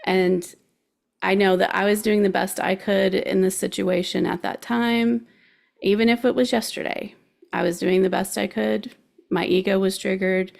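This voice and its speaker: Woman, show host, casual coaching, encouraging, chatty, laughs easily, gravelly fry, middle pitch. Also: flat delivery, normal speed, a little mellow. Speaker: show host giving life guidance.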